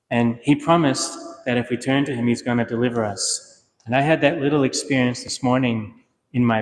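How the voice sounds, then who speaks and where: A man's voice: mid-range voice, a little hiss or hum. A male priest giving a homily in a conversational, plain-spoken way, telling personal stories. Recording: long hall reverb, faint ambience.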